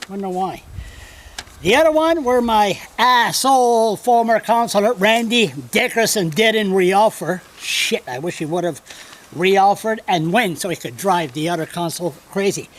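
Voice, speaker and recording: A man's voice: sits high, lively intonation, unhurried. A male blogger talking off the cuff to a camera someone else holds, rambling, blunt and digressive, with some swearing. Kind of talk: off-the-cuff video commentary. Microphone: camera held by another person.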